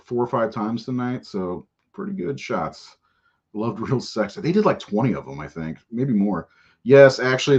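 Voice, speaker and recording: A man's voice: fairly low pitch, breathy edge. A man hosting a podcast in casual live-stream chat, rambling and profane and laughing often. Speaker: podcast host. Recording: dull lo-fi audio.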